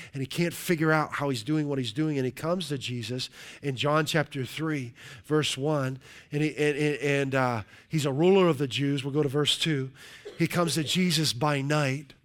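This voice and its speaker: Pastor, male, slightly high pitch, emphatic sermon delivery with stretched key words. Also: fairly bright tone. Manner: emphatic preaching with drawn-out key words and frequent "right?".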